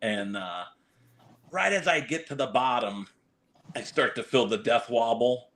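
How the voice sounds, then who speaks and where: A man's voice: medium pitch, measured pace. A man on a podcast telling a story, acting out the lines of others and sprinkling in fillers. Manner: animated, acts out quotes, frequent fillers. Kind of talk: casual chat, anecdote.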